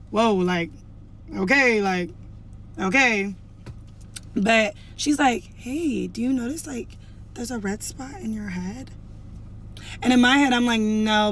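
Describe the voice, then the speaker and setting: A woman's voice: medium pitch, slight background noise. A young woman telling a storytime to camera in a casual, chatty way, full of "like" and acting out what others said. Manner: chatty, heavy use of "like", acts out quoted lines.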